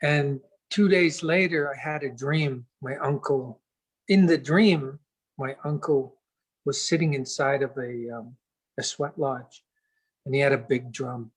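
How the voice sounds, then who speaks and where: A man as an interview guest, telling a reflective story in an earnest, unhurried way and pausing to search for words. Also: mid-range voice, slightly rough, poor audio.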